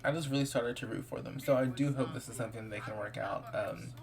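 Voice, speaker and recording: A man's voice: medium pitch, fairly even intonation, quick pace, vocal fry, a little mellow. Playful man gossiping through gameplay. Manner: playful, gossipy, improvises the characters' dialogue. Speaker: gameplay commentator. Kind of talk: casual let's-play commentary.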